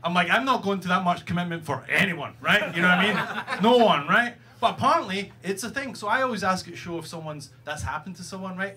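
A man's voice: high-pitched, sharp tone. A Scottish man doing a stand-up comedy set, wry, self-mocking, brash and profane. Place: comedy club stage, live audience. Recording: live club recording with audience noise.

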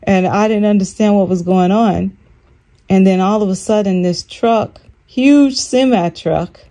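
An older woman recounting a dream in casual storytelling, animated and acting out quoted lines in a higher voice. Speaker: channel host.

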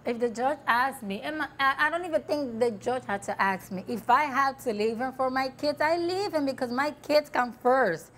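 A distressed woman with a high voice talks right after a talk show taping. She speaks emphatically and circles back to the same points again and again. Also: moderate pace, few pauses, background noise. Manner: upset, emphatic, repeating herself.

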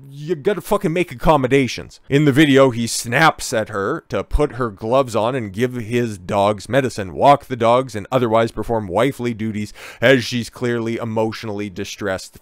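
This man reads an article aloud at a moderate pace, his mid-range voice captured cleanly in the studio with no room sound. He breaks off his own reading again and again for sarcastic, foul-mouthed remarks.

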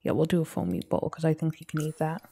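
A young woman casually narrating her life-simulation game, chatting and putting quick voices on the characters. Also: low voice, completely flat delivery, warm tone, husky. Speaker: let's play gamer. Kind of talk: casual gameplay commentary.

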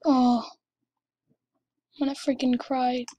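Woman, gamer, high voice, slow, excited exclaiming commentary. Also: muffled recording, noisy background. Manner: gushing, breathless exclaiming.

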